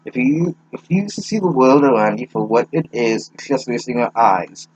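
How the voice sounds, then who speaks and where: A man's voice: medium pitch, lively intonation, normal speed, hardly any pauses, a little mellow, slightly rough, no echo, lo-fi sound. A young man reading a fanfic aloud with sarcastic, profane asides, stumbling over words. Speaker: reader mocking a fanfic.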